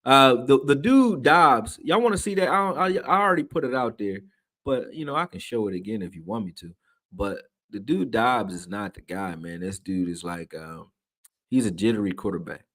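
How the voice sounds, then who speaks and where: A man with a lowish voice and lively intonation, speaking at normal speed, hosts a live stream and casually reads out his viewers' comments. His talk is slangy and full of swearing, and it gets loud when he's riled up.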